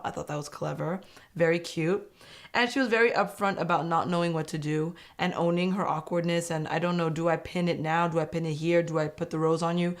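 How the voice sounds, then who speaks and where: A young woman recapping a reality dating show in a casual, animated and opinionated way, laughing often. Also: on the low side, fairly quick. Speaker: host.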